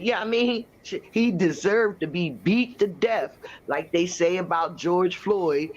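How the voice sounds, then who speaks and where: A man's voice: high-pitched, animated, slow pace. A man in casual podcast chat, talking emphatically and repeating his points. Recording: dull lo-fi recording.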